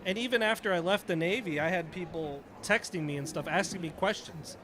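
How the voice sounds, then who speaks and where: A man's voice: sits high, a little fast, pushed and bright. A middle-aged man, a retired Navy chief, casually telling a story on a podcast and acting out the dialogue.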